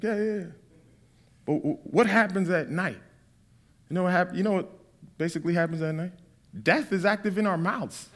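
A man's voice: high voice, bright, forceful tone. A man in his thirties from Massachusetts preaching a sermon, mixing Bible readings with joking stories. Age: 30s.

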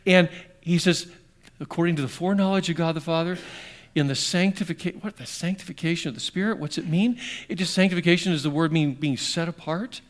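Animated middle-aged man preaching. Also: fairly high pitch. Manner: conversational, asks the audience questions; swings between emphatic bursts and quiet, slowed passages. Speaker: pastor. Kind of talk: sermon.

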